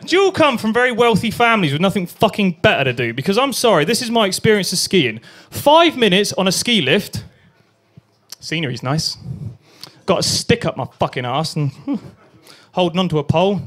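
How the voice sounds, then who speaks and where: A man's voice: sits high, very animated, fairly quick, fairly bright tone. A young man performing a crude stand-up set at an open mic night, acting out voices and sounds. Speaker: stand-up comedian.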